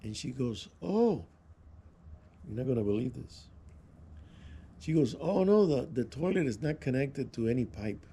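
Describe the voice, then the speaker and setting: A man's voice: mid-range voice, normal speed, mellow, a little hiss or hum. A man vlogging, telling rambling anecdotes in a casual way, with restarts and chuckles. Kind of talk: casual storytelling.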